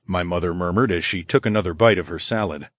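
A man narrating a story in the first person, calm and measured, as an audiobook narrator. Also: low voice.

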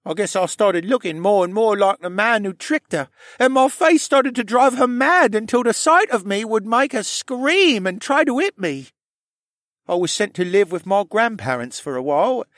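A man's voice: high voice, fairly bright tone, no room sound, studio quality, voice pushed up. A man voicing a troubled young man who strains through a painful confession about his childhood. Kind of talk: audiobook character voice.

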